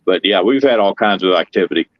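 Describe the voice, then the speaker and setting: A middle-aged man, telling rambling, excitable stories in casual chat. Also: deep voice, fast talker, dry recording, muffled recording. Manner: folksy, rambling, excitable storyteller. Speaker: guest telling paranormal stories.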